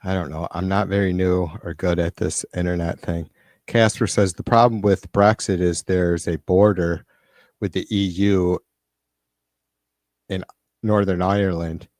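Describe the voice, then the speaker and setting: A man's voice: sits low, fairly even intonation, a little slow, a little mellow, no echo, clean studio sound. Profane, irritated man ranting on a live stream. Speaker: live stream host reading viewer comments. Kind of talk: casual live-stream rant. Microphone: computer mic on a live stream.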